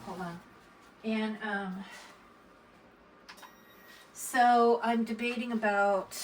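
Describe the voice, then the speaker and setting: A coloring book artist, an older American woman, talks casually while drawing at her home desk, rambling with hesitations and frequent fillers. She has a mid-range voice, and there's a little hiss or hum.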